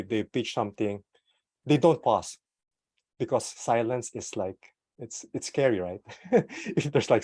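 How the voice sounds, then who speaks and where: This online talk on product management comes from a man using a desktop USB microphone, with no echo present. He talks casually with fillers and light laughter, ranges widely in pitch and loudness, and takes deliberate pauses and slowdowns.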